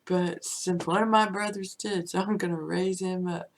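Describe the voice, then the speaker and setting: A woman giving an unscripted spiritual teaching, musing and drifting into soft whispers and chuckles. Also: on the low side, fairly even intonation, normal speed, hardly any pauses, slight background noise.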